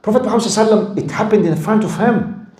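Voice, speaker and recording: A man giving a religious lecture, telling stories in a lively way and acting out the quoted lines. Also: high-pitched, very fast, reverberant. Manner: animated storytelling, acts out quoted lines, laughs with audience. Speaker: Islamic lecturer.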